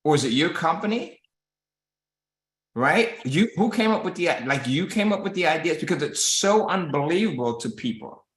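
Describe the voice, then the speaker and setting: A man's voice: fairly high pitch, animated, moderate pace, hardly any pauses, a bit bright. Host, male, casual motivational chat over a call, recorded with roomy echo. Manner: coaching tone, acts out quoted voices, says "right?" often. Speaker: host of a publishing business call.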